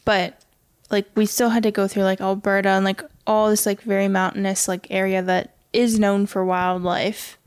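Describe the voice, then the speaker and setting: A woman joins a podcast as a guest and tells a story in a chatty, run-on way, acting out what each person said. Her voice is middle-pitched and ordinary. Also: little pitch movement, moderate pace, clear, resonant tone. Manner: chatty, quotes others in run-on retelling. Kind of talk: casual storytelling chat.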